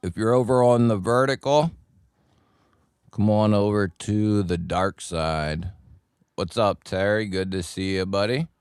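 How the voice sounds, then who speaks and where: Casting note: unhurried man with a deep, smooth voice, a chummy livestream host, dry close sound. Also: a little mellow, no echo. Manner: greets chat viewers by nickname, laid-back and chummy. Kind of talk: casual live chat with viewers.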